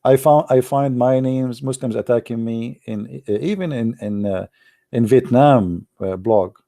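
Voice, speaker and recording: A middle-aged man whose first language is not English hosts a casual commentary show in a small room at home. His voice is dark and gravelly, close to a desk mic in a dry space. He talks sarcastically and keeps circling back to "my friend.". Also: medium pitch, unhurried, dry recording. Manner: sarcastic, repeats words, says "my friend". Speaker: online show host.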